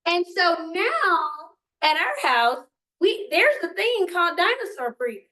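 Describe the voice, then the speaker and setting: Older woman, workshop presenter, high bright voice, animated, echoey room. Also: measured pace. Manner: animated, asks the audience questions, acts out quotes. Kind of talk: live presentation to parents. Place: meeting room.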